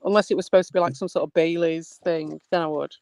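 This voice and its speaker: A woman's voice: deep voice, fairly even intonation, quick pace, a little mellow, no room sound. A woman in casual chat who reacts to a story with short remarks and laughter.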